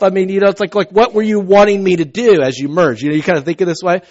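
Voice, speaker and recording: A man preaching a conversational sermon, telling stories with swings from soft asides to loud outbursts. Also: high voice, steady tone, fast talker, hardly any pauses. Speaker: pastor. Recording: dull lo-fi recording.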